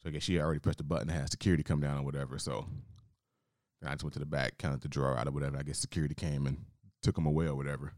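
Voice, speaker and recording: A man's voice: a bass voice, little pitch movement, racing, a little mellow, dry recording, clean studio sound. A man co-hosting a podcast, telling a work story in a laid-back, rambling way with plenty of swearing. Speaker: podcast co-host. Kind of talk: casual storytelling.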